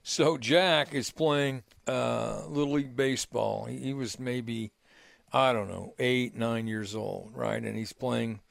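A man's voice: mid-range voice, fairly even intonation, slow pace, gravelly, no room sound, clean studio sound. An older man hosting a sports radio show, telling long rambling anecdotes with many restarts and "right?" tags. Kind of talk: casual radio storytelling. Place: radio studio.

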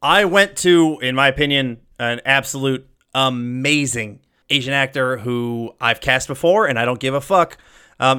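A man's voice: mid-range voice, sharp tone, smooth. Man co-hosting a podcast, mid-range voice, eager and profane in casual chat. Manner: enthusiastic, swears freely, quick asides. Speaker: podcast co-host. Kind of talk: casual movie-recasting chat.

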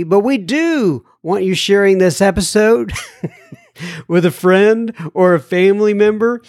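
A man's voice: sits high, no room sound, clean studio sound. A man from Alabama hosting a recovery podcast, reading listener mail in a folksy, joking way. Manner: folksy, joking, drawn-out phrasing. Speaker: podcast host.

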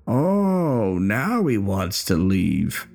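A man's voice: fairly low pitch, huge pitch swings, extremely slow, creaky, a little mellow, faint music behind, exaggerated voice. A man playing a bitter, crude older war veteran in a horror story, speaking in a coarse, taunting way.

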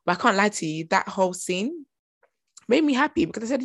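A young woman talks through a TV episode in a gossipy, animated vlog. Her voice sits in a middle register. The sound is close and dry, with no room around it. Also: mid-range voice, quick pace, no echo. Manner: animated, gossipy, acts out her own reactions. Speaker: TV show reviewer. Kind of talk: chatty TV recap vlog.

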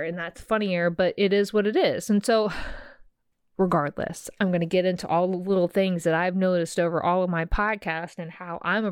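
A fired-up woman in her thirties talks straight to her listeners on a solo podcast, emphatic and outspoken. Her voice is smooth and clear, and the sound is close and dry, with no room around it. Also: medium pitch, no echo. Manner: animated, emphatic, swears, addresses listener as sis. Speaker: podcast host. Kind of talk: casual solo podcast rant.

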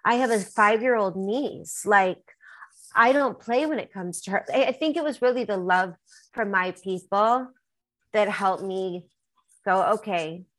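A woman's voice: medium pitch, a little slow, a bit bright, low-quality recording. A woman singer-songwriter being interviewed, talking candidly and emotionally in a rambling way with many fillers.

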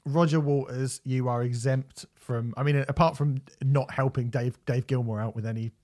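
A man's voice: medium pitch, steady tone, moderate pace, darkish tone. A man, co-hosting a music podcast in casual chat, hedging and restarting as he talks. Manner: hesitant and hedging, with many restarts. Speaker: podcast co-host reviewing albums.

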